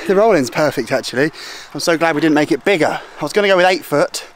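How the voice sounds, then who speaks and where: Chatty high-voiced man outdoors. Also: animated, fast talker, slight background noise. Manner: chatty, self-mocking banter. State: out of breath. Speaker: vlogger and rider. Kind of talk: casual chat. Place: outdoor pump track.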